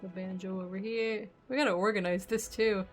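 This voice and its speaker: A woman streamer offers casual gameplay commentary in a steady, medium-pitched voice, speaking a little fast with faint music behind her. She thinks aloud and trails off with fillers, her voice starting to go as she loses it.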